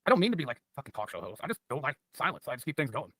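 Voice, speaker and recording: Fast-talking tipsy man rambling on stream. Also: mid-range voice, sing-song, fairly bright tone, breathy edge, dry recording, clean studio sound. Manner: loose, profane, tipsy rambling. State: a bit drunk. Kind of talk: rambling casual stream chat.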